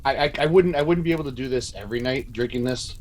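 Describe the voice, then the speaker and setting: A man's voice: medium pitch, quick pace. A married man in a casual chat who stammers and repeats his words as he talks.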